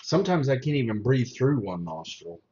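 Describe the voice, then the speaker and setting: A man's voice: medium pitch, sing-song, fairly quick, dark tone. A man tasting whiskey with friends in casual chat, joking and teasing as he goes. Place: indoors, home tasting session. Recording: slightly dull livestream audio.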